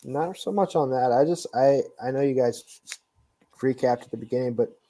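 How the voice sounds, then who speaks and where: A man's voice: medium pitch, normal speed, warm tone, slight background noise, poor audio. A man as a podcast guest, talking reflectively and rambling with many fillers. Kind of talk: casual podcast chat.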